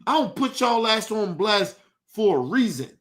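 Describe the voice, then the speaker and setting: A young man with a high-pitched voice rants on a livestream. He talks heatedly and profanely and circles back to the same complaints. His tone is bright and cutting. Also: sing-song, measured pace. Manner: heated, profane, repetitive ranting. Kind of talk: livestream rant.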